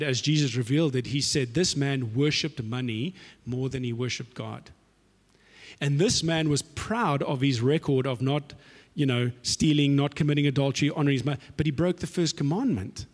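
A man preaching a sermon in an animated, slangy, conversational style. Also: fairly high pitch, moderate pace, husky. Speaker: pastor. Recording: echoey hall reverb.

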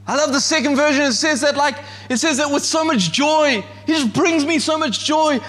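A man preaching a sermon with passion, rising to shouts as he acts out God speaking. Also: extremely high pitch, moderate pace, long reverb tail. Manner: impassioned, shouts when acting out God's voice. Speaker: pastor.

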